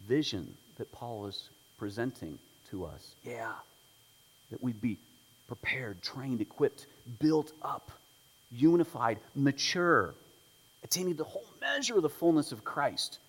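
A man's voice: medium pitch, big pitch swings, a little slow, breathy edge, in a large hall, poor audio. A man preaching a sermon as pastor of a church, praying and then explaining a text in a conversational way with humorous asides. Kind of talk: sermon with opening prayer. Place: church sanctuary.

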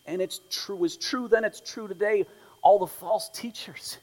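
A man's voice: high voice, unhurried, a little mellow, big-room sound, poor audio. A man preaching a sermon as pastor of a church, praying and then explaining a text in a conversational way with humorous asides. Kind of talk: sermon with opening prayer. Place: church sanctuary.

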